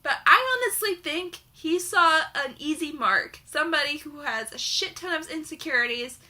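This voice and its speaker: Bright-voiced young woman ranting, swearing. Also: high-pitched, animated, normal speed. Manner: heated, sarcastic, swears constantly. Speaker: book reviewer. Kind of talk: profane book rant.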